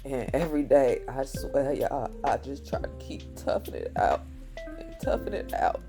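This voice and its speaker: A woman with a hoarse voice who runs a small business, speaking wearily and candidly to camera. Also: sits low. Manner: weary and candid. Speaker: small business owner and vlogger. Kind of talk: heartfelt talk to camera. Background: music.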